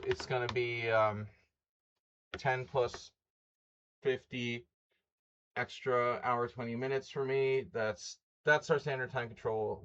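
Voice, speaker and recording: A man chats casually on a live stream, wry and quick with a joke. He greets viewers and reels off rules in an easy, everyday voice. His audio is a little dull and lo-fi. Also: mid-range voice, fairly bright tone. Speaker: chess streamer hosting a simul.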